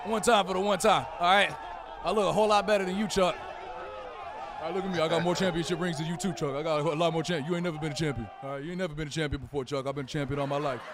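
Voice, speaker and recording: A man's voice: steady tone, rapid-fire, noisy background, natural voice. A man doing a bragging basketball-analyst impression. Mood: boastful. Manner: loud bragging taunts, deeper put-on voice. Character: boastful big-man basketball TV analyst, trash-talking. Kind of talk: comic celebrity impression.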